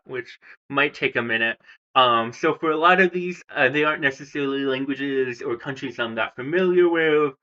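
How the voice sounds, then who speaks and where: A man's voice: mid-range voice, bright, forceful tone, highs cut off. A young man from the United States hosting a casual language video, rambling and chatty with frequent fillers and restarts. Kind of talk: casual ranking commentary.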